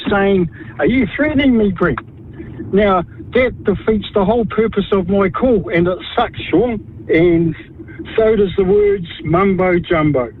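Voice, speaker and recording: A man in his fifties with a New Zealand accent, calling in to a radio show and speaking bluntly, with halting restarts. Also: high-pitched. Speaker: caller. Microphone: phone. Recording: tinny phone line with faint noise.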